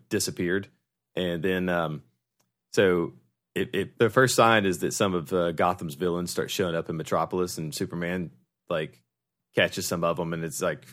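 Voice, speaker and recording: A man's voice: low voice, a bit bright. A man co-hosting a comedy podcast, telling a story with many fillers and swearing. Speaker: podcast co-host. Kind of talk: casual comedic chat.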